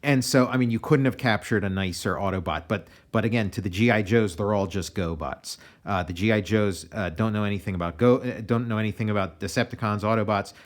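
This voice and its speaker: An American comic artist giving a relaxed, meandering commentary on his own pages, often restarting his sentences. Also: lowish voice, fairly quick, few pauses. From United States.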